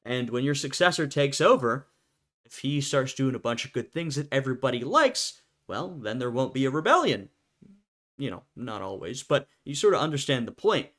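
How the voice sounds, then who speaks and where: Young man, host, casual reaction commentary, relaxed thinking aloud. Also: mid-range voice, normal speed. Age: young adult. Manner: conversational, thinking aloud with fillers and restarts.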